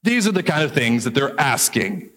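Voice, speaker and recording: A man preaching a sermon as pastor, lively, joking aside now and then and drawing out key words for emphasis. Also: mid-range voice, normal speed. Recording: long hall reverb.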